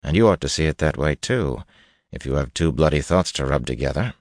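A man with a very deep voice playing a blunt, hard-bitten male informant who curses while pressing his point. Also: lively intonation, brisk, dry recording. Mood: urgent. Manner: blunt and urgent, cursing.

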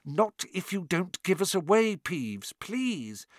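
A man's voice: high-pitched, big pitch swings, slow pace, no room sound, clean studio sound, voice pushed up, heavily acted. A man doing Harry, a breathless young schoolboy. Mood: tense. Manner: breathless, pleading. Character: anxious young schoolboy hero. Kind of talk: audiobook character voice.

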